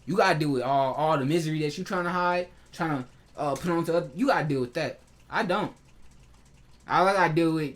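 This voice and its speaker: A man's voice: a little high, brisk. Hurt, heated man venting. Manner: heated, hurt, swearing, with many restarts. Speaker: vlogger. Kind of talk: emotional personal vlog rant.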